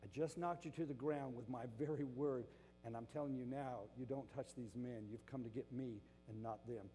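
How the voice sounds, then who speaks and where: A preacher voicing Jesus as a calm, commanding man who speaks low and hushed. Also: moderate pace, long reverb tail, faint music behind, natural voice. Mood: quiet, firm. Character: calm commanding male Jesus figure, quiet, unshaken.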